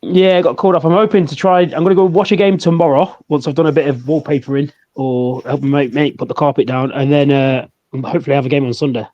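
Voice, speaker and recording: A man's voice: fairly high pitch, steady tone, quick pace, few pauses. A laid-back man co-hosting a casual football chat podcast, laughing often. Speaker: podcast co-host. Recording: dull lo-fi audio.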